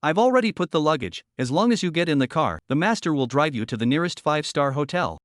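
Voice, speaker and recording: A man's voice: fairly high pitch, expressive, quick pace, dry recording, studio quality, lightly acted. A man voicing a wealthy young man who speaks curtly and mockingly. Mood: cold.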